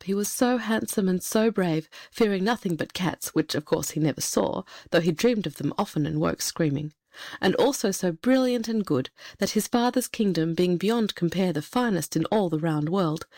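A woman narrating a fairy tale in a measured, expressive storytelling manner. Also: mid-range voice, no echo, clean studio sound.

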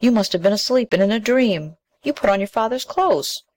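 A woman voicing a timid, gentle female tree spirit with a soft, pleading manner. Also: on the high side, a little fast, pitched above the performer's own voice, lightly acted. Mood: coaxing.

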